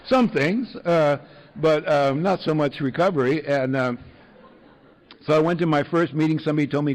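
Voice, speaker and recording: A man's voice: a little high, normal speed, pauses often, rough recording. A man sharing his recovery story with an audience in a wry, self-mocking way, full of fillers and chuckles.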